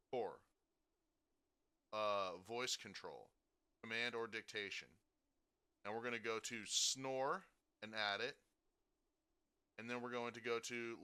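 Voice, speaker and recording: A man giving a casual software tutorial, talking through each step and checking in with frequent "okay?" and "right?". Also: on the low side, smooth. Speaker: streaming tutorial host.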